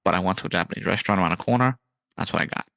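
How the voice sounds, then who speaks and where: A man hosting a podcast in casual chat, excited and riffing, with his voice jumping up on punchlines. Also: low-pitched, rapid-fire, vocal fry, dry recording. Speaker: podcast host.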